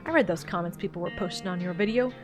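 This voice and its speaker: A woman voicing a stubborn, gruff old backwoods man with a put-on Southern accent in a voiced-over game, with folksy, grumbling speech. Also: fairly low pitch, quick pace, music in the background, natural voice. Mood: insistent. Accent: put-on generic Southern US.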